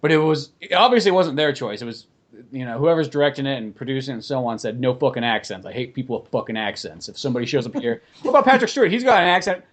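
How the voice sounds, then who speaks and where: A man's voice: a little high, fast talker. A man hosting a podcast in casual chat, rambling and swearing freely as he talks. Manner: animated, profane, rambling. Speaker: podcast host.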